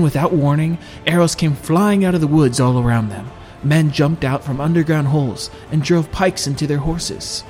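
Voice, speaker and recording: Male storyteller, middle-pitched, steady and measured, with faint music underneath. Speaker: narrator. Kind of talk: first-person audiobook narration.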